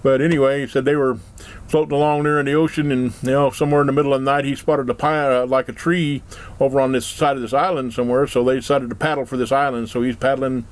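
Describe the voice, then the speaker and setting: A man's voice: mid-range voice, little pitch movement, quick pace. A man telling a long, folksy joke story in a rambling, casual way. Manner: rambling, folksy, full of fillers.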